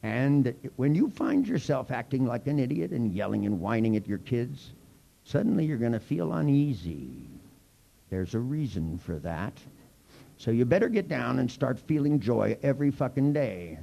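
A man's voice: medium pitch, sing-song, normal speed, creaky, warm tone, muffled recording. A man leading a live workshop, teaching in a playful, teasing way full of mock threats. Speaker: workshop leader.

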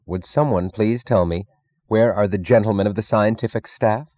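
A man's voice: fairly low pitch, normal speed, a little mellow, dry recording, lo-fi sound, natural voice. A man voicing an arrogant, contemptuous elderly male scientist who gives imperious, clipped commands.

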